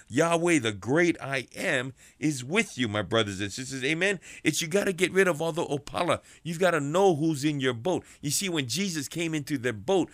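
Guy preaching a sermon, slow and repetitive, bright crisp voice, dry sound. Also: a little high, dry recording.

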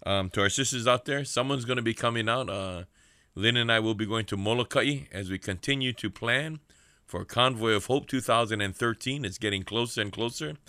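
A man hosting a prison ministry radio show, preaching fervently and calling for amens between shout-outs. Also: medium pitch, fairly quick, clear, resonant tone, dry recording.

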